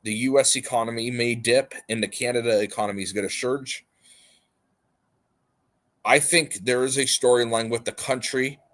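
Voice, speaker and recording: A man's voice: medium pitch, normal speed, fairly bright tone. A man hosting a livestream in rambling, casual chat, repeating his points emphatically. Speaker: livestream host.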